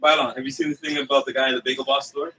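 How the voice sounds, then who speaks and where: A man's voice: mid-range voice, flat delivery, racing, distant mic, very noisy. A man co-hosting a podcast in casual chat, playful and teasing as he moves the talk along. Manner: playful, teasing, steers the talk to new topics. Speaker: podcast co-host.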